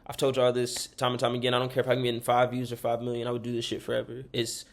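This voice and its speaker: A man's voice: mid-range voice, completely flat delivery, very fast, creaky. A young man hosting a podcast, rambling sincerely through thank-yous to friends and listeners, swearing freely and choked up close to tears. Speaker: podcast host. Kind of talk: heartfelt shout-outs to listeners.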